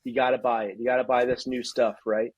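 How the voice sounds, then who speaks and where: Husky-voiced man ranting on a podcast. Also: mid-range voice, little pitch movement, quick pace, no room sound, highs cut off. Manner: ranting, laughs at his own jokes. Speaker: podcast co-host. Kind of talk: casual chat.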